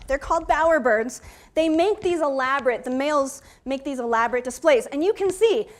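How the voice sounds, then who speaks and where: A woman college instructor giving a chatty, playful panel talk, addressing the audience directly. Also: sits high. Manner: chatty, playful, addresses the crowd as you guys. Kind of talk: lively lecture to an audience.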